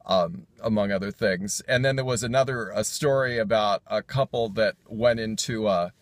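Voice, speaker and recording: A man's voice: lowish voice, moderate pace, dry recording. A man casually recapping a sermon's jokes, rambling with fillers and self-corrections and chuckling as he goes. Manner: chuckles while telling jokes.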